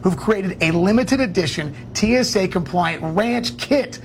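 A man's voice: high-pitched, a little slow. A man reading a scripted local news report.

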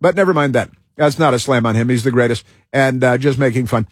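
Husky-voiced man rambling as talk host. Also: medium pitch, dry recording, studio quality. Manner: halting, with many fillers and restarts. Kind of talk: rambling talk show monologue.

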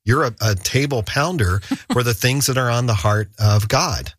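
A man's voice: medium pitch, normal speed, fairly bright tone, dry recording, studio quality. A man at the radio station chatting on air in an earnest, rambling way, with many fillers and restarts. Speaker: radio station leader and guest. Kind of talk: casual on-air chat.

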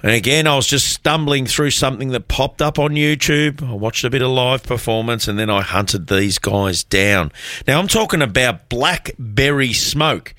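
Australian man, community radio host, chatty and rambling, bright forceful tone, dry studio sound. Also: mid-range voice, moderate pace, dry recording. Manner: rambling, self-deprecating, chatty. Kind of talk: casual radio chat.

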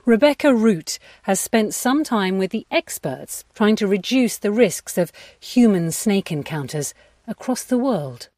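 Female radio presenter, clear and lively scripted intros, dry studio sound. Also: medium pitch, unhurried, no room sound.

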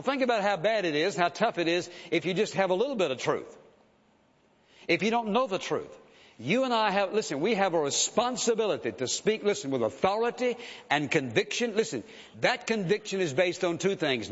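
Man preaching an emphatic sermon. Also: on the high side. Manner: earnest, emphatic, repeats "listen". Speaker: pastor. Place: church sanctuary. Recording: dull sound with long hall reverb.

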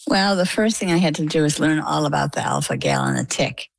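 A middle-aged woman with a low, gravelly voice, telling her story as an interview guest. She is a lively storyteller who plays out the dialogue. The sound is close and dry. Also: a little fast, no room sound, low-quality recording. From Maine, US.

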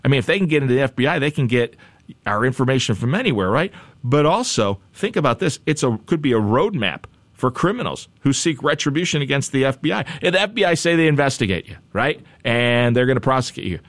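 Male news talk host, mid-pitched, wry and chatty, dry recording. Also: sing-song, fast, no room sound. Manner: wry, chatty asides and repeated phrases. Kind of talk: conversational news commentary.

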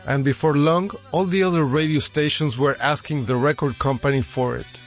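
A man's voice: fairly high pitch, steady tone, moderate pace, faint music behind. A man reading an English voice-over translation of an interview, conversational and reflective.

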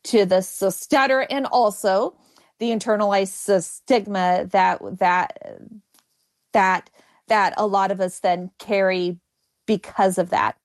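A woman's voice: mid-range voice, steady tone, slow pace. A woman comedian who stutters, talking frankly and with self-mocking humor as a guest in an interview. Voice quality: stutters, with repeated sounds and blocks. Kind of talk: candid interview chat.

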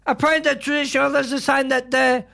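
An Australian man hosting a community radio show, talking in a halting way with lots of fillers and restarts, and full of strong opinions. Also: very high-pitched, level tone, gravelly, bright, forceful tone. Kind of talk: casual radio chat.

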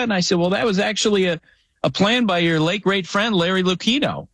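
A man's voice: sits high, animated, fairly quick, a bit bright, dry recording. A man hosting a casual sports chat, telling stories with frequent restarts. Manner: conversational, frequent restarts, storytelling. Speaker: podcast host.

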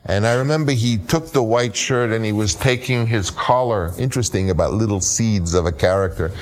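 Older man telling an animated story. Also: fairly quick. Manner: acts out other people's voices, jumping high for quotes. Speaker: film director telling an anecdote.

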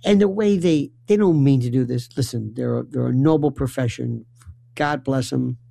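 A man from New York telling a comic family story, acting out voices with stammering restarts and lively swings. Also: mid-range voice, moderate pace, creaky, dry recording.

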